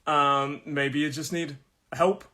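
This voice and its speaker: A middle-aged man from England leads a live pronunciation lesson, his voice sitting a little high for a man. He chats freely, says each word slowly several times, and sounds as though he is losing his voice. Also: steady tone, pushed and bright. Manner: chatty, repeats each word slowly, laughs at own jokes. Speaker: pronunciation teacher.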